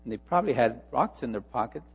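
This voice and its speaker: A male pastor preaching a sermon, telling a story and moving between hushed asides and emphatic repeated phrases. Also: mid-range voice, expressive, fast, breathy edge, big-room sound, highs cut off.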